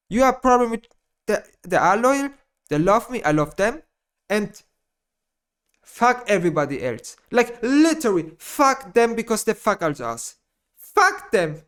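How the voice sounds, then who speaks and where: In his gaming vlog, a YouTuber with a high-pitched voice rants in non-native English. He swears bluntly, repeats himself, and lurches from muttering to loud outbursts.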